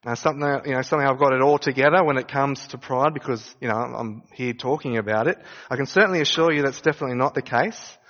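A man's voice: mid-range voice, fast talker, hardly any pauses, a bit bright, long reverb tail, lo-fi sound. A man preaching a sermon, speaking conversationally and asking his listeners rhetorical questions. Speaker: pastor.

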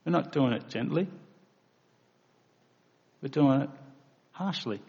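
A man's voice: medium pitch, lively intonation, slow pace, vocal fry, darkish tone, breathy edge. A man preaching a sermon, earnest and plain-spoken, acting out quoted voices now and then. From Australia. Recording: lo-fi recording in a reverberant hall.

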